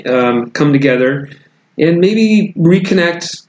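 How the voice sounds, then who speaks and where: A man's voice: fairly high pitch, expressive, takes it slowly, a little mellow. A man co-hosting a podcast, casually reading and retelling a news story, rambling with frequent restarts. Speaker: podcast co-host. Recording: echoey room with faint noise.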